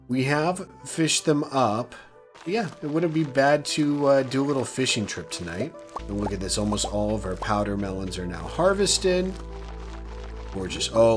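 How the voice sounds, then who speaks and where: A man giving casual, upbeat commentary as he plays, chatty and self-deprecating, his voice a little worn. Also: mid-range voice. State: losing his voice. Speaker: let's play host. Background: faint game music.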